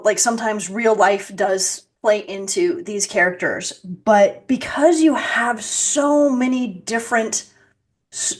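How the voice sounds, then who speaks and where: A woman hosting a podcast interview, asking long, meandering questions full of restarts. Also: a little high. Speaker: podcast host. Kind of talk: casual interview chat.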